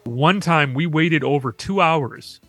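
A man co-hosting a podcast, telling stories quickly and casually with laughs and asides. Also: fairly high pitch, a bit bright, no room sound, faint music behind. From Michigan. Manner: fast storytelling with laughs and asides. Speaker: podcast co-host.

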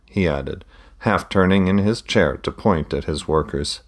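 A man narrating his own book as a podcast in a calm, steady, plain reading voice. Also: very deep voice, normal speed. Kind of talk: audiobook narration.

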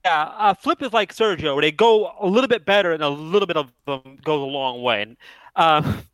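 Fast-talking high-voiced man, dry close sound. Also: fairly bright tone, smooth, dry recording, poor audio. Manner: dry, joking asides. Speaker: podcast co-host. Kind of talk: casual chat reviewing a cartoon episode.

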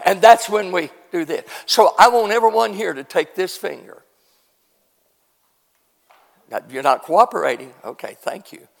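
A man preaching a revival sermon as pastor. He moves from quiet teaching to shouted preaching and coaxes the congregation to answer back. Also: sits high, big-room sound. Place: church sanctuary.

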